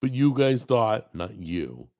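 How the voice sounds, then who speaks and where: A middle-aged man with a gravelly, strained voice talks unhurriedly into a desk mic, rambling in a plainspoken, self-deprecating way. His pitch sits low, with a rough, crackly grain throughout. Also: very animated, slow. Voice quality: gravelly, strained voice from a paralyzed vocal cord. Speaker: cooking show host. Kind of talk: casual chat to camera. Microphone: desk microphone recorded over a video call.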